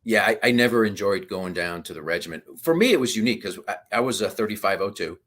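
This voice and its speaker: A man in his fifties, a podcast guest telling animated stories in casual conversation. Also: lowish voice, fast talker.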